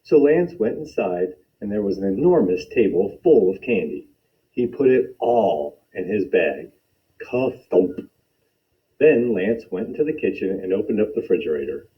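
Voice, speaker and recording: A man reading a children's picture book aloud with expressive, animated storytelling. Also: fairly low pitch, moderate pace. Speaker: storytime reader. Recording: dull lo-fi recording.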